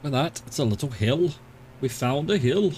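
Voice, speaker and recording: A man's voice: mid-range voice, animated, normal speed, a little mellow, slight background noise. A man streaming a flight game, rambling playfully to himself and chatting to the scenery below. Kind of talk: casual live-stream commentary.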